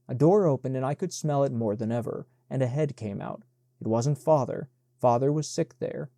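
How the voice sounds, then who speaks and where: Guy reading an audiobook, steady measured pace, warm low tone, dry sound. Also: dry recording. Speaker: audiobook narrator. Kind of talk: audiobook narration.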